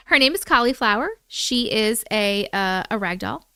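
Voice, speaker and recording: A woman's voice: medium pitch, animated, moderate pace, few pauses, sharp tone, clear, resonant tone, no echo, studio quality. A woman hosting a live stream, casually chatting with viewers, reading their comments aloud and cooing at her cats. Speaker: livestream host.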